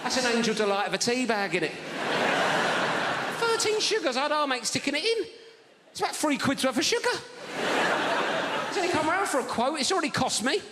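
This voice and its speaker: A man telling a stand-up story, animated and exasperated. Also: very high voice, quick pace, heavy background noise. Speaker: stand-up comedian. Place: large theatre stage. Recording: live theatre with hall reverb.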